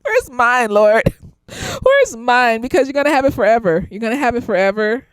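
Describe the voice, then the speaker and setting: Young woman therapist, loose tipsy review monologue, lots of laughter and cursing, bright higher voice, close dry mic. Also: normal speed, smooth, no room sound. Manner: animated, laughing often, profane, swings into high excited squeals.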